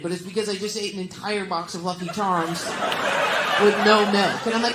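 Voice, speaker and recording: A woman's voice: medium pitch, a little fast, heavy background noise. Brash female stand-up working the crowd, teasing and blunt; echoey club with a roaring audience. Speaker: stand-up comedian. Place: comedy club stage. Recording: echoey comedy club with loud crowd laughter. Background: audience laughter.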